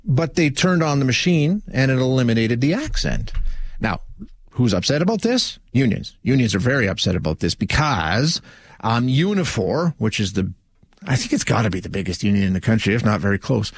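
A man's voice: medium pitch, very animated, fairly quick, breathy edge, dry recording. A man hosting a call-in radio show, talking casually with frequent restarts and fillers. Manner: conversational, many restarts and fillers. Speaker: radio talk show host. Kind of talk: casual talk radio monologue.

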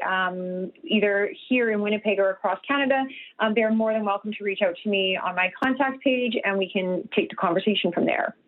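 A woman guest, a nutritionist and health coach, talks in an earnest way with many restarts in a live radio interview. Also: a little high. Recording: tinny phone line.

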